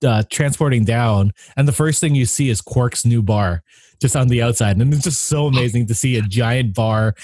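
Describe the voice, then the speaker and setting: A man in mid pitch hosts a relaxed podcast chat, animated and quick to laugh as he acts out his reactions. The sound is dry and close, with no room around it. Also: dry recording. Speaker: podcast host. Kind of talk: casual chat.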